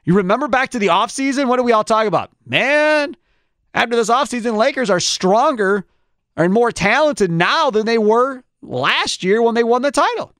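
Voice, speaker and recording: A man hosting a sports talk show, giving strong opinions in an animated way with quick restarts. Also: very high voice, no room sound, studio quality.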